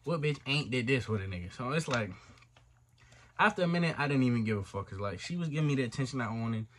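Animated young man telling a story. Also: mid-range voice, quick pace. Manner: animated, profane slang-heavy storytelling, voices for other people. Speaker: storytime vlogger. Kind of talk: casual storytime monologue.

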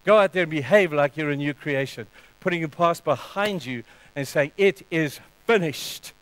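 A man preaching a sermon, swinging between loud emphatic bursts and hushed passages, then leading a closing prayer. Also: a little high, normal speed, no room sound, poor audio. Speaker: pastor.

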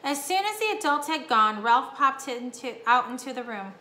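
Bright-voiced teacher reading aloud. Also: female voice, fairly high pitch, normal speed, hardly any pauses. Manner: warm-up questions to the class, lively reading. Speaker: fourth-grade teacher. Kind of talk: reading a chapter book aloud. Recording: echoey room, faint hum.

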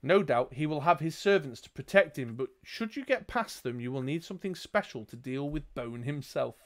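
Man, game master reading a gamebook, dry jokes, slightly high voice. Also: expressive, moderate pace. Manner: dry joking asides between reading. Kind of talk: reading and narrating a gamebook playthrough.

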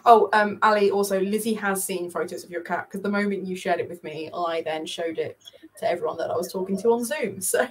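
A woman hosting a casual chat over a video call, chatty and animated, laughing often. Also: mid-range voice, a little fast, slightly rough. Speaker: podcast host.

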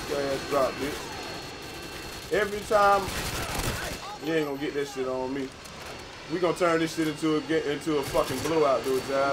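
A young man giving casual, profane gameplay commentary with a friend, excitable and breaking into sudden yells. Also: on the high side, background noise. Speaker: gamer playing with a friend. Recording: game gunfire and explosions loud behind voice.

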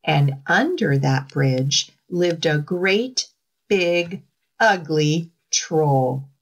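Woman librarian reading to kids, unhurried, very animated pitch, slightly low voice. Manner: slow, expressive storyteller. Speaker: children's librarian. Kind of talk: storytime reading aloud to children. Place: outdoors in a library garden.

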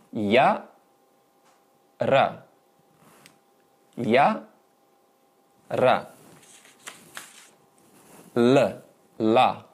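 A man's voice: mid-range voice, a little mellow, breathy edge. A man teaching a beginner Sanskrit lesson, patiently repeating sounds for students and explaining where the tongue goes. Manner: patient, repeats sounds many times for practice; explains mouth and tongue positions step by step. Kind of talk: beginner language lesson with pronunciation drills.

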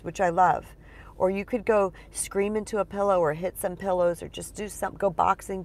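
A woman's voice: mid-range voice, gravelly, darkish tone. A middle-aged woman, a spiritual empowerment coach, giving advice in a conversational, emphatic way and swearing casually.

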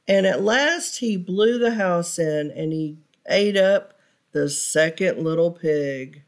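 Slow-paced woman reading a children's story. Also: mid-range voice. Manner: pauses to ask listeners questions. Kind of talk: read-aloud storytime for children.

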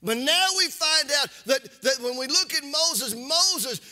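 A man preaching a sermon as pastor, impassioned, with a sing-song cadence that rises into shouts and repeats words for emphasis. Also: very high voice, animated, a little slow.

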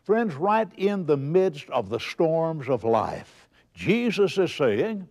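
A man preaching a televised sermon in an emphatic, animated manner, reading scripture aloud along the way. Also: a little high, takes it slowly, few pauses, lo-fi sound.

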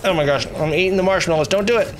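A man streaming a video game live, talking excitedly and mockingly at himself with his mouth stuffed with marshmallows. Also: sits high, rapid-fire, slight background noise. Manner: muffled speech with marshmallows in mouth. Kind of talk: live gameplay commentary.

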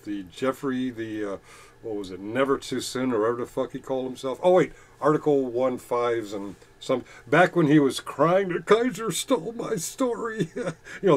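A man reading chat comments aloud on his channel, mocking commenters with profanity and frequent laughs, swinging between loud bursts and muttering. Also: medium pitch.

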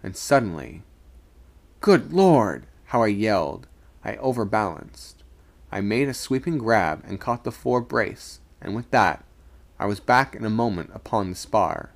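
Gravelly low-voiced man reading a story. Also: lively intonation, a little slow. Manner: dramatic reading, raising voice for shouted dialogue. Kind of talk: live-streamed story reading.

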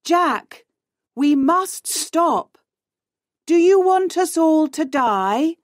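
Urgent practical young man, read by a woman, slow delivery, dry sound. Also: on the high side, a little mellow, no echo, pitched above the performer's own voice. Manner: slow, clear reading.

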